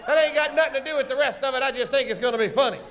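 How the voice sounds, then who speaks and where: A man hosting a live stage comedy show, folksy and teasing, loudly acting out bits for the audience. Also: very high voice, rapid-fire. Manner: loud, folksy, teasing, acts out bits for the crowd. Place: stage of a large indoor comedy theater. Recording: live venue with band music and crowd noise.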